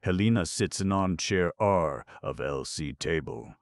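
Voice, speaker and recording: A man narrating an audiobook play, reading stage directions in a flat, matter-of-fact way. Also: low-pitched, a little slow, vocal fry, no echo, clean studio sound.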